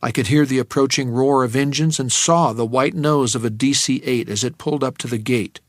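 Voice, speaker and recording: A male narrator with a gravelly, fry-edged voice, reading a first-person novel in a measured, tense way. His pitch sits in the middle range, and the recording is close and dry, with no room sound at all. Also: no room sound. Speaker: audiobook narrator.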